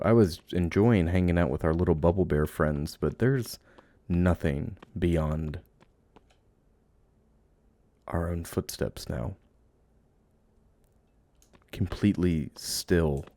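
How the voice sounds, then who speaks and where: A man giving let's play commentary, playfully cooing at game creatures and drifting into hushed, musing narration. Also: deep voice, unhurried, pauses often, no room sound. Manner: playful, coos and baby-talks at game creatures. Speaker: game streamer.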